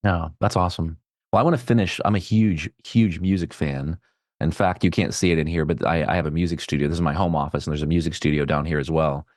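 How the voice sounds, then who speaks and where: A man hosting a podcast from his home office, chatting in a relaxed, encouraging way with his guest. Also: extremely low pitch, fast, dry recording, clean studio sound. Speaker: podcast host. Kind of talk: casual interview chat.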